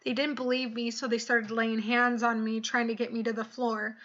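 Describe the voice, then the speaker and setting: A woman's voice: a little high, little pitch movement, normal speed, fairly bright tone. A young woman vlogger earnestly telling a personal story to the camera, acting out the quoted voices along the way. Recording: dull lo-fi recording.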